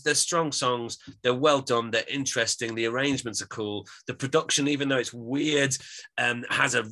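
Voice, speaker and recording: A man's voice: medium pitch, pushed and bright. A man co-hosting a podcast, giving an opinionated, rambling album review in casual chat. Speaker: podcast co-host.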